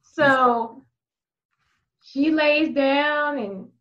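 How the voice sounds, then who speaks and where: A woman with a high voice recounts a story bluntly and with energy, in an easygoing chat style. The sound is muffled and lo-fi, like a home podcast recording. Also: extremely slow. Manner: frank, explicit, lively anecdote telling. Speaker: podcast guest. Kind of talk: casual candid storytelling.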